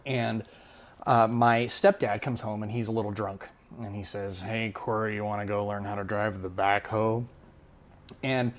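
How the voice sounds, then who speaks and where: Animated man telling a story. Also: medium pitch. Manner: animated, many filler words. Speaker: vlogger. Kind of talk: casual storytelling vlog.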